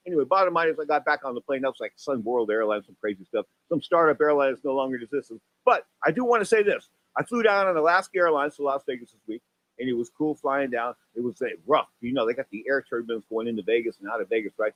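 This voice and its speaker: A man in his sixties hosting a boxing radio talk show, rambling through stories and jumping up in pitch for exclamations and acted-out quotes. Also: quick pace, dry recording, rough recording. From San Francisco Bay Area. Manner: animated storyteller, voice jumps up for exclamations and acted quotes.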